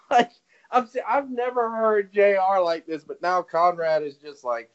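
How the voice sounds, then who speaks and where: Rambling man, fairly high voice. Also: a little slow, pauses often. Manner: rambling, swears, laughs, quotes others in voices. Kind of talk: casual wrestling chat. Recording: dull lo-fi audio.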